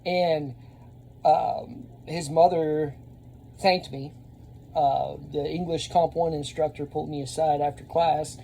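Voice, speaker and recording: A man, telling a rambling story to camera and getting louder when he acts out scenes. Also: a little high, slow, creaky, slight background noise. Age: 30s. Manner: rambling, animated, laughs often, shouts when reenacting. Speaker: vlogger and Army veteran.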